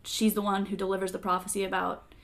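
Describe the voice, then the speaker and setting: Gravelly-voiced young woman, thoughtful. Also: mid-range voice, monotone, a bit bright. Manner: thoughtful, measured, hedging opinions. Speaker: podcast co-host. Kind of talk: casual chat.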